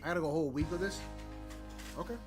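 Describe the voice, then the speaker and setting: A young man streaming a video game, talking casually in a brash, profane, jokey way that swings between muttering and loud outbursts. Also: on the high side, steady tone, rapid-fire, over music. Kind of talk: casual live-stream commentary.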